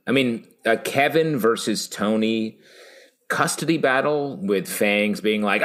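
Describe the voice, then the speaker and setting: A man's voice: fairly low pitch, a little slow, a bit bright. A man co-hosting a podcast, chatting casually about a TV episode in a rambling, self-correcting way. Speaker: podcast co-host. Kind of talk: casual TV recap chat.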